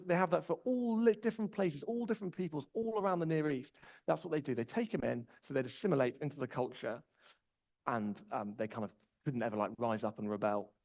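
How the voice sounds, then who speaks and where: His voice is a little high with vocal fry, and the recording is rough. This man in his 20s delivers a conversational sermon, easing through personal stories in a relaxed way.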